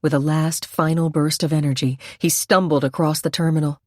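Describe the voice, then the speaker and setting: A woman's voice: sits low, steady tone, fairly quick, a little mellow, dry recording, clean studio sound. A woman narrating a suspense audiobook in a tense, dramatic reading.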